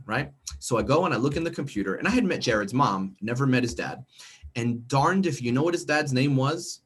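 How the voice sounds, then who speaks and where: A man's voice: mid-range voice, expressive, fairly quick, a bit bright, slightly rough. A middle-aged American man leading a teacher training workshop over a video call, chatty and checking in with "okay?" and "right?". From United States. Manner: conversational, frequent check-ins with "okay?" and "right?". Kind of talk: professional development workshop presentation.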